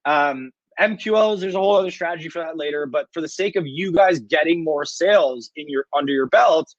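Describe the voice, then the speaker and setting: A Canadian man presenting an online business workshop, energetic and often checking in with "okay?". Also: fairly high pitch, brisk, dry recording. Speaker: workshop speaker. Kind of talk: webinar presentation. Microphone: online video call. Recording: dull dry webinar audio.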